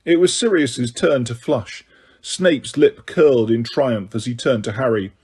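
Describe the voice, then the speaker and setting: A male audiobook narrator tells the story in a steady, even way. His voice sits at a middling pitch and has a husky grain. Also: unhurried. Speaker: audiobook reader.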